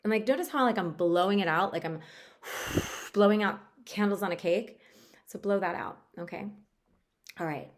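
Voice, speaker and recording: A woman guiding a tapping session for stress relief, talking in a gentle, chatty coaching way with a few fillers. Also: mid-range voice, moderate pace. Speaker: tapping practitioner.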